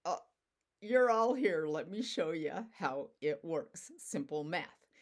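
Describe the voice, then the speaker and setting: A woman voicing a calm, wise male monk in a spoken story, easygoing and gently amused. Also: low voice, takes it slowly, full character voice.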